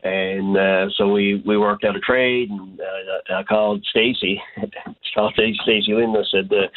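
A man's voice: lowish voice, little pitch movement. A man, a hockey coach, speaking in a phone interview, hesitant and full of restarts. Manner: halting, many restarts and fillers. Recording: tinny phone line.

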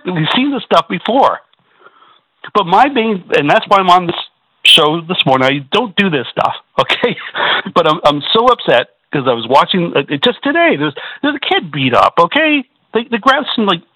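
A man's voice: sits high, bright, forceful tone, husky, dry recording, rough recording. A man calling in to a radio talk show, agitated and stammering through restarts. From Canada. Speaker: caller.

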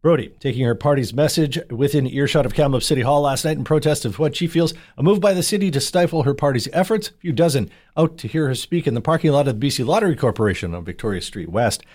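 A man reading local radio news and weather in a brisk, clipped headline style. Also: mid-range voice, animated, a little mellow. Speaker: newsreader.

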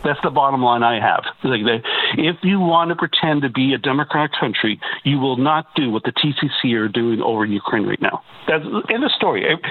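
A man's voice: medium pitch, dry recording. Canadian guy phoning into talk radio, worked up and emphatic, thin phone-line sound. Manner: emphatic, repeats words, rising to insistence. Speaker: caller.

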